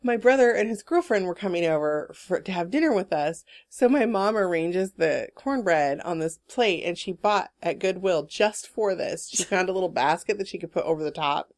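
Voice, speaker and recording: A woman co-hosting a casual chat podcast, telling a story in a lively, laughing way and swearing freely. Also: lowish voice, moderate pace, hardly any pauses. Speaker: podcast co-host. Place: Portland, Oregon area.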